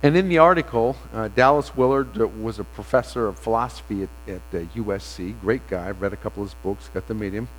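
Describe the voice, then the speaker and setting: A man pastor giving a sermon, telling a story in a conversational way with pauses. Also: fairly low pitch. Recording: long reverb of a large hall.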